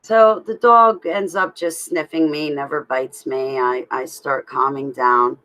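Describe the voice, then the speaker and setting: A woman telling a personal story in a halting, rambling way, with restarts. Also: low-pitched, fairly even intonation, sharp tone, poor audio. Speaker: vlogger telling her own story.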